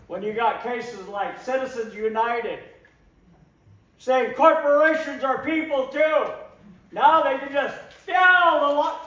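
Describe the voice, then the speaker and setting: A man giving an impassioned public talk, slow and emphatic, repeating phrases for weight. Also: very high voice, a bit bright. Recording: echoey room, voice from a distance.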